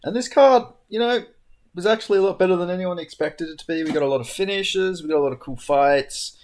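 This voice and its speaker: A man's voice: sits high, quick pace, darkish tone. A man hosting a casual, unscripted fight recap, talking frankly in a loose, rambling way with plenty of fillers. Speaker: MMA fight recap host.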